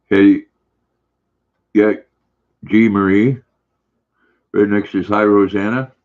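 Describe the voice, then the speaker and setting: An older man hosting a casual livestream, reading viewer comments aloud in a relaxed, friendly, chatty way. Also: lowish voice, slow pace. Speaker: livestream host. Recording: dull lo-fi stream audio.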